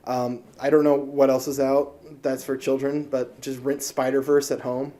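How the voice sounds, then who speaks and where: Profane, mellow-voiced ranting man. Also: mid-range voice, level tone, normal speed. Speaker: movie reviewer. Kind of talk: ranting movie review.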